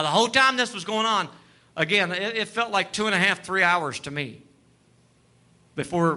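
A man preaching a sermon testimony, telling a story, acting out the dialogue and rising to fervent shouts. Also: high voice. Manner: storytelling, acts out dialogue, rises to shouting fervor.

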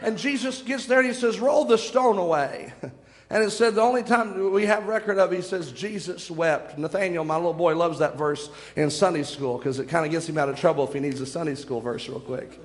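A man's voice: sits high, a little fast, long reverb tail. A young man preaching a sermon, retelling scripture stories with dramatic shifts in pace.

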